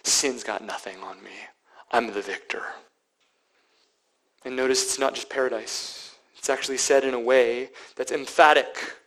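A man's voice: mid-range voice, steady tone, unhurried, low-quality recording. Man preaching with whispers and surges. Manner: swings from hushed whispers to loud emphatic preaching. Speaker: pastor. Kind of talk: sermon.

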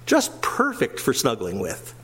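An older man preaching a sermon, animated, swinging between emphatic raised passages and quiet asides. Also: medium pitch, measured pace, a little hiss or hum. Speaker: pastor.

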